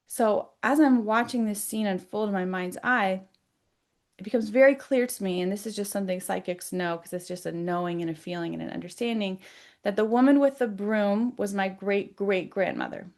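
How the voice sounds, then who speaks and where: A woman's voice: medium pitch, moderate pace. Chatty woman psychic telling a story. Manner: animated, chatty, many "like" fillers, dropping quiet for intimate parts. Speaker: psychic and energy healer. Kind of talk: personal storytelling vlog.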